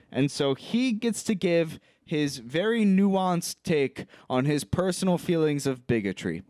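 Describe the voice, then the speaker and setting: A man co-hosting a comedy podcast, walking through a movie's plot in loose, joking chat. His voice sits at an ordinary middle pitch and sounds smooth and clean. He is recorded close and dry, with no room sound. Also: a little slow, few pauses, dry recording. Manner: animated retelling, mocking voices for characters. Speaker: podcast co-host. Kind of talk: casual comedic movie recap.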